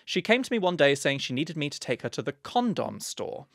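A man's voice: fairly high pitch, sing-song, a little fast, creaky, a bit bright, dry recording, clean studio sound. A man co-hosting a podcast, chatting casually in a playful, teasing, mock-grand way. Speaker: podcast co-host.

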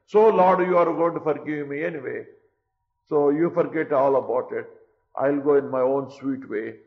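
A man's voice: moderate pace, gravelly. A preacher putting on a wheedling, weak-willed king. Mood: wheedling, pleading. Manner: wheedling, bargaining, quieter and lower. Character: weak-willed king pleading to break his vow. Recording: dull lo-fi recording.

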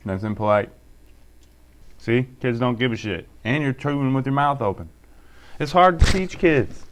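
Laid-back joking dad vlogger. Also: male voice, mid-range voice, moderate pace. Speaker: YouTube reviewer, father. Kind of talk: casual home vlog.

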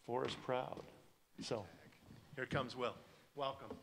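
A man's voice: medium pitch, fairly even intonation, slow pace, gravelly, background noise. A man hosting a conference and introducing the next speaker, a bit hesitant. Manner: hesitant, with fillers and restarts. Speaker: conference host. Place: large conference hall. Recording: long hall reverb.

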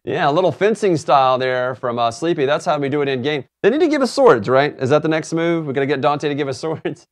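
A man hosting a casual game-highlights recap show, chatty and laughing easily. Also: expressive, fast talker, hardly any pauses. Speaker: host.

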